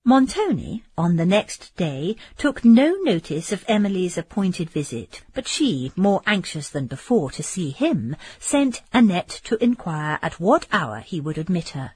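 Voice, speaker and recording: A woman narrating a classic novel as an audiobook, in a measured, expressive reading with a breathy voice. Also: on the low side, no room sound. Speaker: audiobook reader.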